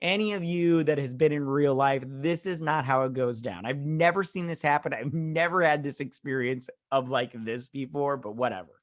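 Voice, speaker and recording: On a casual review show, a medium-pitched male host rambles through an episode recap using slang and breaking into quick acted quotes.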